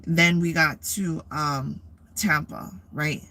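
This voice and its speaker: Woman vlogger, forceful bright voice, profane rambling storyteller. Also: low-pitched, slow pace, dry recording. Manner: profane, rambling, animated retelling. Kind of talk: casual storytelling.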